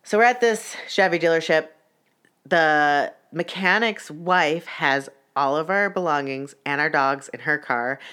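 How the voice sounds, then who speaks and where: A woman's voice: low-pitched, a little slow, fairly bright tone, clean tone. A young woman telling a story in casual, profane vlog style, with many "like" fillers and a voice that gets heated. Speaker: vlogger.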